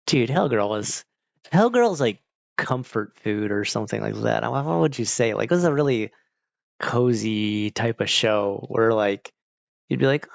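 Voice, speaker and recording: Man, casual streamer, rambling chat; gravelly, dry, slightly muffled sound. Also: on the low side, expressive, moderate pace, no room sound. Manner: rambling, laid-back, talks to chat. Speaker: streamer chatting with viewers. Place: home, evening stream.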